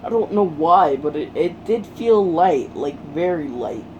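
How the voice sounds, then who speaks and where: Storyteller doing a modest teen boy hero, earnest, polite, slow, plain everyday tone. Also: medium pitch, expressive, darkish tone, dull audio, a little hiss or hum, natural voice.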